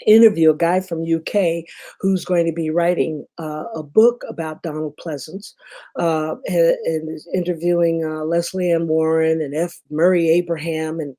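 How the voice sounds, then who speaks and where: An older woman with a Memphis Southern drawl tells stories in a chatty, rambling way, full of asides and "you know"s. Her voice sits low for a woman and sounds mellow and relaxed. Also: moderate pace. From Memphis, Tennessee. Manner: chatty storyteller, many fillers and asides. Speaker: guest, performer. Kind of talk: casual conversation.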